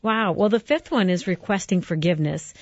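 Affirming woman host, lowish voice. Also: a little fast, no room sound, highs cut off. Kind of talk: radio-style interview hosting.

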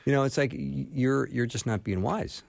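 Gravelly-voiced male radio host. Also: medium pitch, normal speed, dry recording. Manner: jokey, chatty, reads listener questions. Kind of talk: call-in radio talk.

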